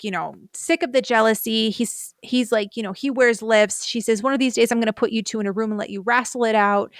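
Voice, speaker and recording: Recorded dry with clean studio quality, a podcast co-host speaks on the high side in a clean, slightly bright voice. Her talk is lively and informal as she goes back over scenes and reads lines aloud.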